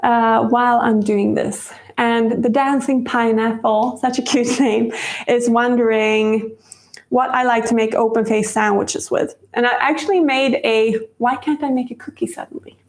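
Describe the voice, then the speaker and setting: A woman's voice: fairly high pitch, fairly even intonation, unhurried, roomy sound. A woman hosting a casual live-stream baking demo, chatty and rambling and laughing often. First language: Swedish. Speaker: cooking show host.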